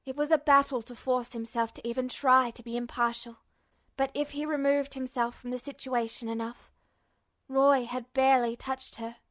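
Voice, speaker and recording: A woman reading fan fiction aloud as a podfic narrator, in a measured, steady way. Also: high voice, dry recording, studio quality. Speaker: podfic reader.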